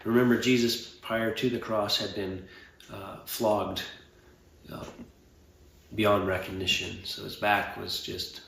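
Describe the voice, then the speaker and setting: Man, pastor, gravelly low voice, earnest sermon, roomy church, distant mic. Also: flat delivery, fairly bright tone, slight background noise. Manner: earnest, measured, with fillers and pauses. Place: church sanctuary.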